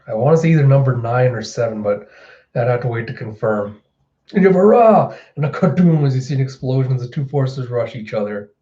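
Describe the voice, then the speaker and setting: Man, manga reviewer, casual reaction commentary, mellow tone, slightly muffled recording. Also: medium pitch. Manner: retells scenes and acts out lines.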